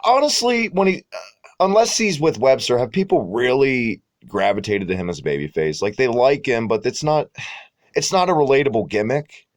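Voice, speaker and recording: A man's voice: mid-range voice, expressive, normal speed. A man co-hosting a podcast in casual chat, blunt and opinionated, swearing freely. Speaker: podcast co-host.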